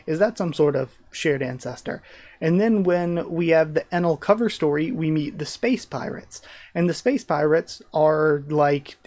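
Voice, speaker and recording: A man hosting a live manga reaction, reading panels aloud and commenting excitedly. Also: fairly high pitch. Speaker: reaction channel host.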